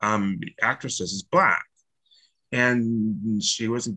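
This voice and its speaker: Blunt, bright-voiced man chatting. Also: lowish voice, drawn-out words, poor audio. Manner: animated, jokey and blunt, swears freely. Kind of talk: casual spiritual chat.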